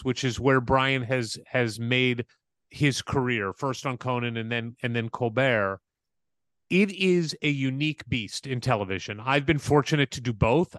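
A man's voice: mid-range voice, fairly bright tone, no echo. A man hosting a podcast, talking casually and enthusiastically, with effusive praise for his guest. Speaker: podcast host. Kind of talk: casual interview chat.

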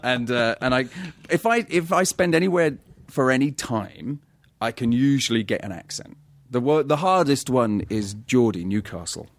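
A man's voice: medium pitch, animated, moderate pace. A man with an English accent, an actor telling funny anecdotes in casual chat, full of restarts and laughter. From England.

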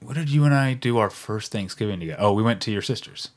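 A man's voice: fairly low pitch, expressive, fast. A man in his thirties co-hosting a podcast in casual chat, rambling a little with fillers as he runs through a segment. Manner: chatty, rambling with fillers, breaks into brief off-key singing. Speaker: podcast co-host.

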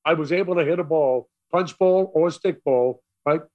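Older Brooklyn man with a New York accent, slightly high voice, theatrical storyteller. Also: moderate pace, dull audio. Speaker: radio DJ guest. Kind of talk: storytelling interview.

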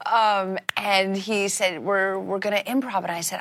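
A woman's voice: medium pitch, a little slow, no echo. A middle-aged woman from Iowa, an actress telling stories in a casual interview, full of fillers and restarts. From Iowa, USA. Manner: animated storyteller, many fillers and restarts. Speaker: actress guest.

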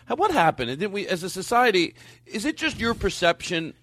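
A man's voice: sits high, fairly quick, noisy background. A middle-aged man hosting a comedy podcast, rambling and laughing as he chats. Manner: animated, rambling, laughing often. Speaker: podcast host. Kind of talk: casual comedy chat.

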